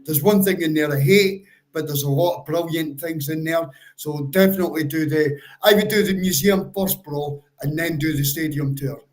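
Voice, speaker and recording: On a low-quality recording, a man with a voice on the high side talks at a moderate pace with few pauses. He is co-hosting a football fan livestream, chatting casually, calling people "bro," and offering stop-start, step-by-step advice.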